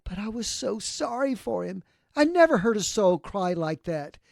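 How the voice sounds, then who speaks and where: A frightened countrywoman, as a male storyteller puts her on, breathless and pleading. The voice is pitched well above the narrator's own, and the sound is dry. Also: big pitch swings, normal speed, gravelly, no room sound, exaggerated voice. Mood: shaken. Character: frightened, caring young countrywoman.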